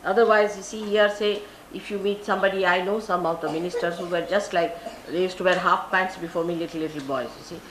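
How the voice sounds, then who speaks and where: A woman's voice: on the low side, fairly even intonation, quick pace, fairly bright tone, slight background noise. An older woman from India with an Indian English accent, giving a spiritual talk and telling stories in which she acts out the people she quotes. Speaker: spiritual teacher. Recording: roomy archival live recording.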